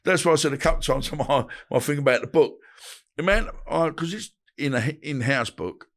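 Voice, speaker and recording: A man's voice: fairly high pitch, fairly quick. A man, telling stories in an interview and acting out the voices of people he quotes. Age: 50s. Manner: animated, acts out phone calls and quarrels in changing voices. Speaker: podcast guest, boxer. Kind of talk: storytelling interview chat.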